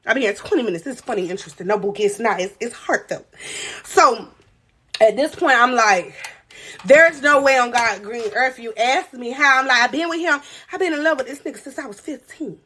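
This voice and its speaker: Animated young woman telling a story. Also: on the high side, brisk, a little hiss or hum. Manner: animated, dramatic retelling, reads chat aloud. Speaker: live-stream host. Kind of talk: casual storytelling on a live stream.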